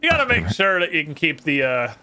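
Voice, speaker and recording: A man's voice: on the high side, sing-song, fairly quick, bright, forceful tone, soft background music. A man streaming a pirate game, chatty and teasing, laughing often. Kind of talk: casual gaming chat.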